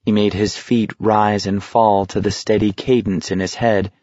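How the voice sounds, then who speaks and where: A man narrating an audiobook in a measured, steady reading voice. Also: on the low side, dry recording. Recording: dull lo-fi recording.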